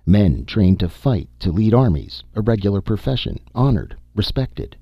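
A man voicing a calm, grim male expedition leader who explains things in a measured way, in an audiobook. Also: fairly low pitch, no room sound, muffled recording.

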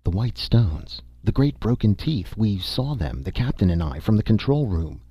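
Brisk, soft-spoken female explorer for a sci-fi audiobook, voiced by a husky male reader. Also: fairly low pitch, sing-song, no echo, pitched above the performer's own voice. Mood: calm. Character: calm capable woman explorer in a pressure suit. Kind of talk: audiobook dialogue. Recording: dull dry recording.

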